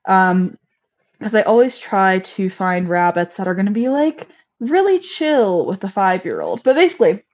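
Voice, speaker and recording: A chatty woman hosting a casual homestead livestream, laughing at her own mishaps. Her pitch sits in the middle range. The audio is a little dull and lo-fi. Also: big pitch swings, moderate pace, darkish tone.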